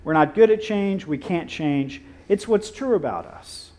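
A male pastor preaching a sermon, telling stories with acted-out quotes and dramatic pauses. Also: high-pitched, expressive, warm tone.

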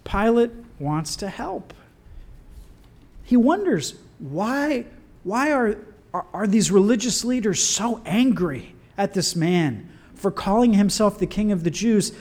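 A man preaching a sermon in an animated, conversational way with wry asides. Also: sits high, slow pace.

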